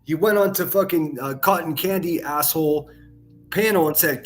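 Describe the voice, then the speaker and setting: A man's voice: a little high, animated, a little fast, faint music behind. A man hosting a reaction commentary, mocking and sarcastic, with heavy profanity. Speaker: commentary channel host.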